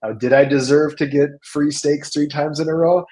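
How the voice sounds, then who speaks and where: A man speaking casually in a business webinar, telling stories with lively acted-out dialogue and frequent restarts. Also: on the high side, normal speed, rough recording. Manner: animated storyteller, acts out dialogue, repeats words. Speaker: salon business coach.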